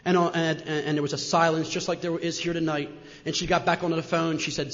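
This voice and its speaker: Middle-aged New Jersey man, high-pitched and animated, on a muffled hall recording. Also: fast talker. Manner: animated, says "man" constantly, repeats "and". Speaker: speaker sharing his recovery story. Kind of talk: personal story talk to an audience. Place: large meeting hall with an audience.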